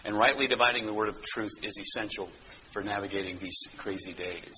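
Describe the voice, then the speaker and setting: A man's voice: on the low side, brisk, bright, forceful tone, a little hiss or hum, rough recording. A man preaching a sermon as pastor, teaching in a conversational way with frequent asides to his listeners.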